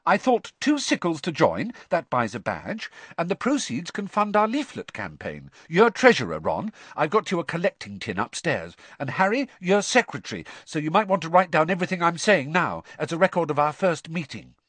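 A man voicing an earnest, bossy teenage girl campaigner who talks briskly and insistently. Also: fairly high pitch, sing-song, a bit bright, dry recording, voice pushed up.

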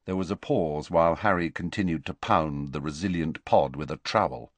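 A man narrating an audiobook in an expressive, measured storytelling manner. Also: rumbling low, no echo.

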